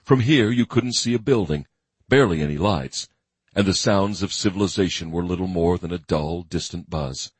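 A man giving steady, grim scripted narration of a thriller audiobook. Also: sits low, normal speed, breathy edge, no echo.

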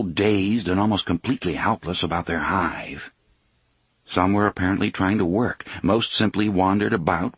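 A man narrating an audiobook in a steady, even reading voice. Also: deep voice, slightly rough, dry recording. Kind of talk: scripted narration.

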